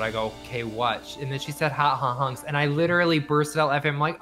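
Bright-voiced man telling a story. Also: on the high side, brisk, faint music behind. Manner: animated, acts out quoted voices, swears freely. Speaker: podcast guest. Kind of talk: casual storytelling chat.

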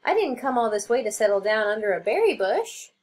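A woman doing a squeaky eager young mouse. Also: big pitch swings, brisk. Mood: earnest. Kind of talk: storybook read-aloud.

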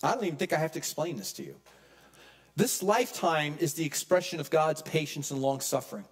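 A man preaching a sermon as pastor, emphatic, swinging from loud peaks to hushed low lines. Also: lively intonation, fairly quick. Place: church.

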